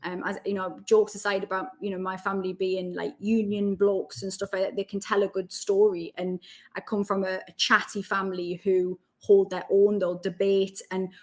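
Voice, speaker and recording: A woman with a Geordie accent, chatting as a guest on an interview podcast and telling lively stories. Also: medium pitch. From North East England. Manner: animated storyteller, quick asides. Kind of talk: casual interview chat.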